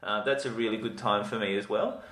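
Fast-talking man, upbeat. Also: on the low side, fairly bright tone. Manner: enthusiastic, uses lots of "like" and "you know". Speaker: podcast co-host. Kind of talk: casual chat. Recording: roomy echo.

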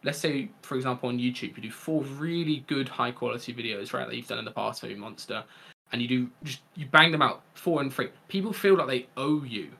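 Bright-voiced young man giving advice. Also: mid-range voice, brisk, creaky, slightly rough. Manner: relaxed advice-giving, frequent "right?" tags. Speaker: Fortnite coach. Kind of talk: casual podcast chat.

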